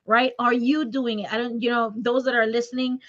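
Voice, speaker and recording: A woman hosting a casual interview podcast, lively and expressive, laughing often as she talks. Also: a little high, brisk, no room sound, muffled recording. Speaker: podcast host.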